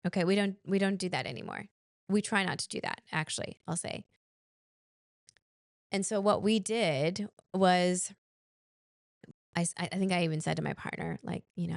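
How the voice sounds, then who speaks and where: A woman's voice: lowish voice, normal speed, gravelly, no room sound, clean studio sound. A woman in her thirties hosting a parenting podcast, talking in a chatty, rambling way with frequent restarts. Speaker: podcast host. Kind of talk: casual solo talk on parenting.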